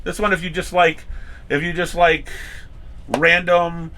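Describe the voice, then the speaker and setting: A man's voice: a little high, little pitch movement, unhurried, sharp tone. A man hosting a casual podcast chat, rambling through stories with many restarts and acting out quotes. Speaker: comic shop owner and podcast host.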